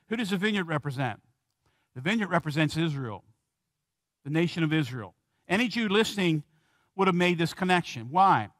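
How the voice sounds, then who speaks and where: A male pastor preaches a sermon in a church, his voice sitting high for a man. He leans hard on key words, slows down for effect and puts questions to his listeners. The sound is dry and close, with little room echo. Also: a bit bright. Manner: asks the congregation questions.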